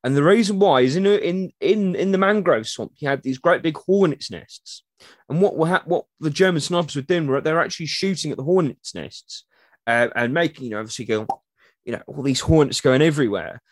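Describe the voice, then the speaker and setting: A man's voice: a little high, fairly quick, no echo, studio quality. A man, a guest historian, telling history in a casual, chatty way. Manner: chatty, animated, acts out quotes in the stories. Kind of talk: casual storytelling interview.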